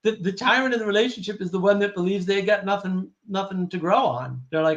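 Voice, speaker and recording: A man hosting a casual discussion, animated and wry, acting out quoted exchanges. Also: high voice, fast talker, hardly any pauses, lo-fi sound. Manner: wry, laughs at own points. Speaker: host.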